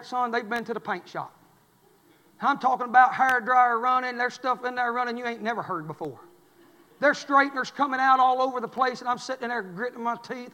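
A male pastor preaching a folksy sermon, swinging from quiet asides to loud exhortation. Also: extremely high pitch, in a large hall. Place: church sanctuary.

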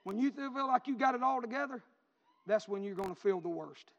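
Man, very high voice, fervent preaching, long echoing church reverb, dull lo-fi sound. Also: expressive, a little fast, creaky, a bit bright. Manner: fervent, repetitive storytelling preacher. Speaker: pastor. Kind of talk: sermon. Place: church sanctuary.

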